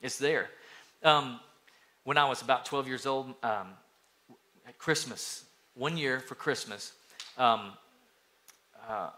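A man's voice: medium pitch, slow, pauses often. A middle-aged man from East Tennessee preaching a sermon as pastor, telling family stories and acting out children's lines. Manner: storytelling, acts out children's voices, lively.

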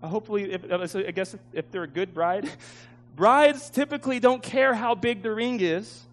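A man's voice: sits high, moderate pace. A man preaching a sermon, telling a story with emotion and laughing at himself. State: tearful at times.

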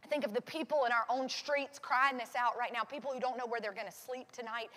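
A woman preaching a sermon in a church, earnest, swinging from intense declarations to hushed, quiet passages. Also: on the high side, steady tone, fast talker, few pauses. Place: church sanctuary. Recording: long hall reverb.

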